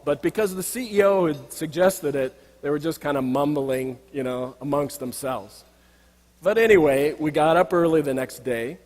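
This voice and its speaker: A middle-aged executive coach delivers a reflective, anecdotal storytelling speech at a banquet, pointing out slides as he goes. His voice is fairly high and a little mellow, and the banquet hall gives it a long reverb.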